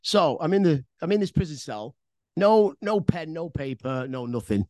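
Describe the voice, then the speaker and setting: A man's voice: fairly high pitch, lively intonation, moderate pace, a little mellow, no echo, studio quality. Chatty English man telling a story. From England. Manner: rambling and chatty, swears freely, stumbles and repeats words. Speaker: podcast storyteller. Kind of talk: casual spoken storytelling.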